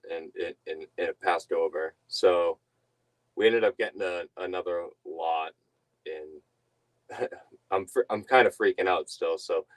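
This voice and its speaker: Deep-voiced rambling young man. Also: low-quality recording. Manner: rambling, laughs often, self-interrupting. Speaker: reseller streamer. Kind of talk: casual storytelling to viewers.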